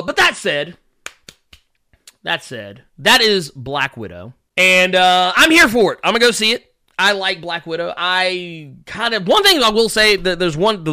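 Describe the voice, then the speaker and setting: A man in his thirties hosting a casual livestream. His bright, fairly high voice leaps up and down in pitch as he rants, swears freely and breaks into laughter. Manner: animated, ranting, profane, laughs often. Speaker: livestream host.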